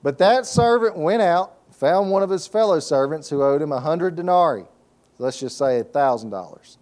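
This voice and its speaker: A pastor preaching a sermon, reading scripture aloud and breaking off for folksy asides and call-and-response questions. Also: male voice, on the high side, expressive, normal speed, a little mellow.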